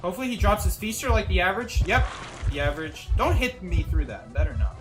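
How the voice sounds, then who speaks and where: A man's voice: high-pitched, sing-song, quick pace, over music. A man streaming a game live, commenting on his play and joking with chat, laughing often from a basement room.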